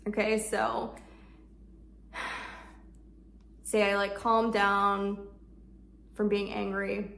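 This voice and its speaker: Woman, self-help coach, loose and conversational, lots of "like", easing into gentle slow murmurs when comforting. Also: medium pitch, little pitch movement, vocal fry. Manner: conversational, filler-heavy, drops soft and slow when voicing comforting self-talk. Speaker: shadow work coach. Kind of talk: casual self-help talk.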